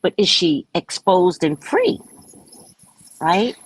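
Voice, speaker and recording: A woman with a husky, lowish voice gives a spiritual talk as a psychic reader. She speaks slowly, with lively swings in pitch, and acts out the voices in her stories. The sound is close and dry. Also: no room sound, rough recording. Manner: animated, acts out voices in quoted exchanges, then slow and hushed when reading. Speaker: psychic reader reading from a book. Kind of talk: casual spiritual monologue and reading aloud.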